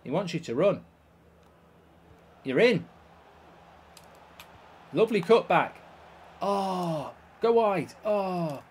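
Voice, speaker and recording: A man commenting live on a football video game, swearing and reacting loudly to each play. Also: high voice, expressive, slow pace, pauses often, slightly rough. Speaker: YouTube gaming host.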